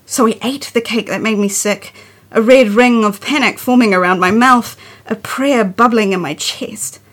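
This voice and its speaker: A woman poet reading her own poem in a measured, expressive way. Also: on the high side, slightly rough. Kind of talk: poetry reading.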